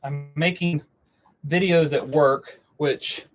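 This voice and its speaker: A man's voice: a little high, steady tone, slow, faint music behind. Rambling man chatting on a live stream. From Western North Carolina. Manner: rambling, earnest, self-interrupting. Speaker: woodworking YouTuber on a live stream. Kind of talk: casual live-stream chat. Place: indoor studio workspace.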